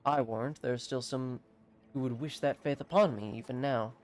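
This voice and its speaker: A streamer reading aloud the lines of a solemn exiled male court alchemist from a video game, in a measured and formal way. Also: medium pitch, fairly even intonation, a little mellow, close to an everyday voice.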